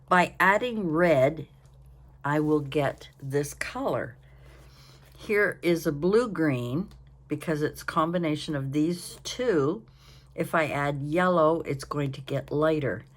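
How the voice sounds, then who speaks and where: A woman's voice: low voice, expressive, takes it slowly. An older woman hosting a casual crafting vlog from home, tired and yawning, chatting in a rambling, apologetic way. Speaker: craft channel host.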